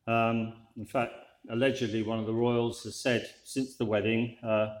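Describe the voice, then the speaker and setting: A man delivers a sermon in a chatty, easygoing way and slips in dry, wry asides. His voice has a middling pitch and rings out in a roomy church echo. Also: flat delivery, unhurried, hardly any pauses. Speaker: preacher.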